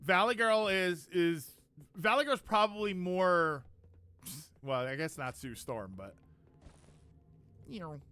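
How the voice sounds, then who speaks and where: A man's voice: high voice, animated, slow, pauses often, sharp tone, clear, resonant tone. A man streaming gameplay live, chatting and joking with viewers while reacting aloud to the game.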